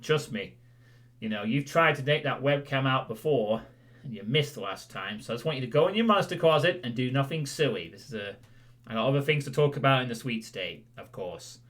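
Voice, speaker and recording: A man talks to his stream audience in a loose, rambling way, correcting himself and tossing in jokes. His pitch swings freely from phrase to phrase. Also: animated, fairly quick, fairly bright tone. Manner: rambling, self-correcting, jokey. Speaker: streamer host. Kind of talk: casual recap talk to viewers.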